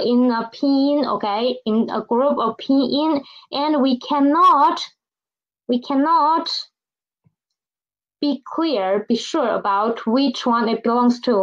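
A woman's voice: fairly high pitch, a bit bright, lo-fi sound. A woman teaching a pinyin lesson, repeating each word and asking learners to read after her. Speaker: Chinese language teacher. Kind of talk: slow classroom pinyin lesson.

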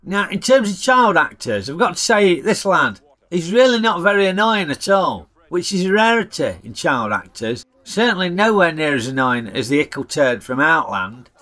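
A man's voice: on the high side, sing-song, moderate pace, bright, forceful tone. A man reviewing a film in a chatty, jokey way, using broad dialect. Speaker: film reviewer, channel host.

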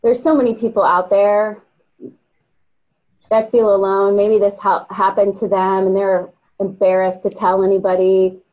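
Woman hosting an interview, mid voice, thanking her guest, calm and measured. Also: medium pitch, rough recording. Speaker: realtor and interview host.

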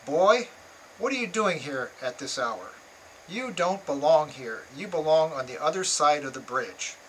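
A gruff, accusatory male police officer, as a man puts him on while reading aloud, snapping his orders in a raised, bright, forceful voice. His tone is condescending and sharp. A faint hiss sits under the reading. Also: on the high side, animated, moderate pace, low-quality recording. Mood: harsh. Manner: barking, accusatory.

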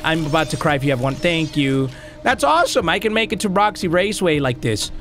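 A man doing excitable let's play commentary, swearing and shouting at the game as he plays. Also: a little high, quick pace. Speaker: gaming YouTuber.

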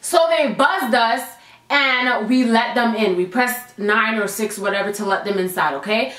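A young woman vents to her viewers in a storytime vlog, exasperated and emphatic, with swearing sprinkled through. Her voice sits high. The room around her gives off a noticeable echo. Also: fairly bright tone. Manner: exasperated, profane and emphatic, talking straight to viewers. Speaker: vlogger. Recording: echoey room.

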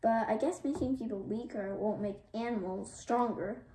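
A woman's voice: a little high, moderate pace, dark tone, close to an everyday voice. A woman doing a spunky, blunt young girl. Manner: blunt, plain-spoken. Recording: roomy, distant mic, faint noise.

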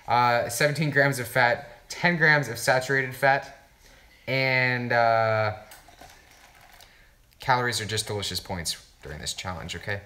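A man's voice: medium pitch, unhurried. Hyped young man unboxing in an echoey room. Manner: hyped, swearing, bursts into loud exclamations. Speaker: YouTube creator livestreaming an unboxing. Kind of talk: excited livestream unboxing chat.

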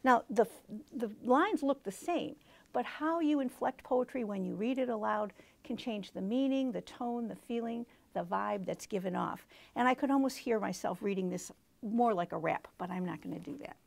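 A woman's voice: a little high, normal speed, vocal fry, darkish tone. A woman hosting a book talk for teachers, explaining in a teacherly way and reading poems aloud. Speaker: book reviewer and show host.

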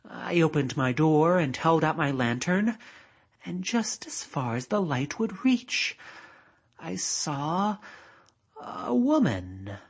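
A plain-spoken country tradesman tells his tale in a low, husky voice that rises and falls, as a woman acts him out. He speaks slowly and simply, like a man used to the open heath. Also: big pitch swings, full character voice. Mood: puzzled. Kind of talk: audiobook character voice.

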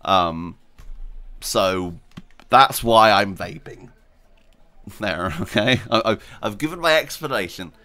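A man's voice: lowish voice, lively intonation, slow, long pauses, sharp tone, dry recording. A man hosting a gaming video, chatting casually and rambling while he plays, laughing often and talking to himself. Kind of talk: casual gameplay commentary.

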